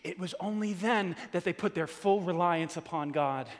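A man preaching a sermon in a church, animated, repeating words and calling out to the congregation. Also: high-pitched, moderate pace. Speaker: pastor. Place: church hall. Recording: long hall reverb.

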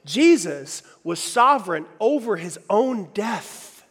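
A man preaching a sermon in a church hall, emphatic, swinging between loud and hushed lines and asking the audience questions. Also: high voice, very animated, slow, slightly rough. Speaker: pastor.

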